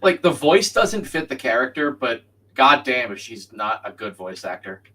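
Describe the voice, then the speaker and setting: A man's voice: mid-range voice, sing-song, moderate pace, sharp tone, recorded from a distance, poor audio. A young man chatting casually and bluntly while streaming a co-op game, swearing freely. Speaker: co-op gaming streamer. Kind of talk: casual chat while gaming.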